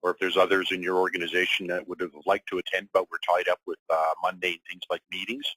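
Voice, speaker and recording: A middle-aged man presenting a business webinar in a friendly, relaxed way, with frequent fillers. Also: deep voice, quick pace, no room sound, rough recording.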